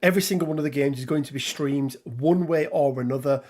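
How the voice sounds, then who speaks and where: Brief: rambling middle-aged English man, slightly high voice, live-stream host. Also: fast talker, darkish tone. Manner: chatty, rambling, reads out viewer names. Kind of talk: casual live-stream chat.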